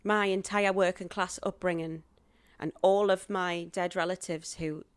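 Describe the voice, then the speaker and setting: A woman in her thirties, a guest spinning animated stories about her own life in an interview. Her voice sits a little low, and she keeps bursting into lively acted-out quotes. The recording is close and dry. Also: unhurried, clean tone, no echo. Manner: animated storyteller acting out quoted dialogue. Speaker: guest, actress and stand-up comic. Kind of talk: podcast interview storytelling.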